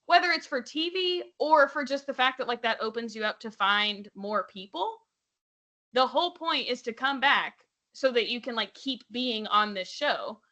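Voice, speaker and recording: A young woman co-hosting a podcast, recapping reality TV in casual chat, animated and full of "like" and quoted voices. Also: a little high, normal speed. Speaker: podcast co-host.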